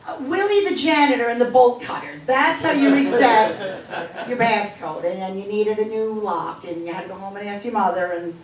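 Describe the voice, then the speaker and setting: Middle-aged woman doing stand-up, roomy. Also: medium pitch. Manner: chatty, self-deprecating, quick asides. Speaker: stand-up comedian. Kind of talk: stand-up comedy set. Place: comedy club stage. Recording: echoey club from far off. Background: audience laughter.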